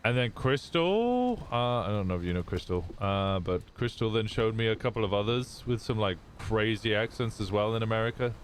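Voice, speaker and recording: A man's voice: on the low side, animated, normal speed, hardly any pauses, slight background noise. A man streaming, chatting casually, rambling and swearing freely as he thinks aloud.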